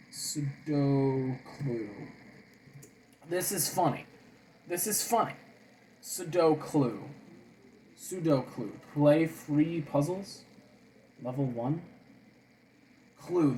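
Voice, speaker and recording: A man's voice: a little high, slight background noise. A young man giving a sarcastic, casual comic review, reading strips aloud and muttering to himself. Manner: sarcastic, reads comics aloud in silly voices, mumbles to himself.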